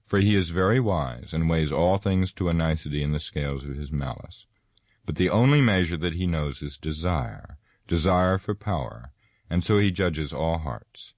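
A man's voice: low-pitched, animated, normal speed, a little mellow, dry recording, pitched above the performer's own voice. A man voicing an old, wise wizard who speaks firmly and with command.

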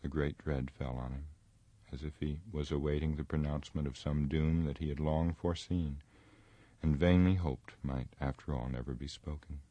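Male narrator, very deep, dry close sound, steady measured reading. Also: no room sound. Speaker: audiobook reader. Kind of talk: scripted narration.

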